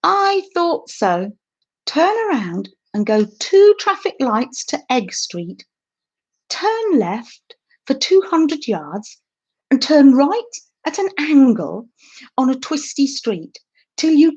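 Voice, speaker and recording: A woman's voice: high-pitched, very animated, slow pace, darkish tone, breathy edge, muffled recording, full character voice. A woman reading as a rambling, folksy local man. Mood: instructive. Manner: rambling, folksy, overly detailed. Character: chatty local man giving long-winded road directions.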